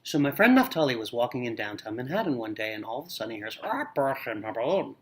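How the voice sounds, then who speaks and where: A woman telling a long joke in a lively storytelling manner, with voices for the characters. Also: very deep voice, racing.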